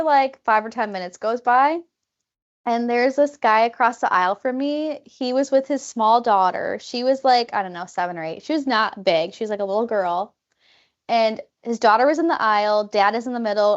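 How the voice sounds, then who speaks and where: A woman co-hosting a podcast, telling a travel story in an animated way, full of "like" fillers and acted-out quotes. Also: a little high, highs cut off. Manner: animated, many "like" fillers, acts out quoted people. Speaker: podcast co-host. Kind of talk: casual storytelling chat.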